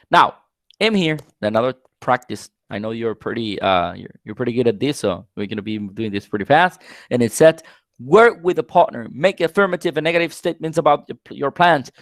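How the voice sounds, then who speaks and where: A man who speaks Spanish as his first language teaches an online English grammar class live, slowly repeating example sentences and quizzing his students. His voice is medium-pitched, and the recording is dry with clean studio sound.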